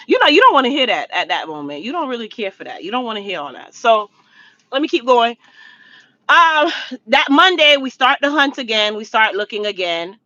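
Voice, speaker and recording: A woman's voice: fairly high pitch, sing-song, brisk, pushed and bright, dry recording, dull audio. A woman telling a personal story to her viewers in a casual storytime vlog, talking to them directly and repeating points for emphasis. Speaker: storytime vlogger.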